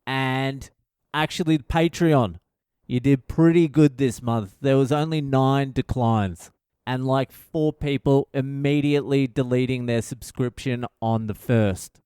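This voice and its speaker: A man's voice: medium pitch, measured pace, mellow, clear, resonant tone, no room sound, clean studio sound. A man, host of a casual solo comedy podcast, telling rambling stories laced with swearing. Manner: profane, rambling comic storytelling.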